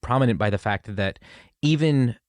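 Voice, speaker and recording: A man's voice: mid-range voice, moderate pace, a little mellow, no room sound. A man hosting a podcast, asking thoughtful, meandering questions in a casual conversation. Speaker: podcast host.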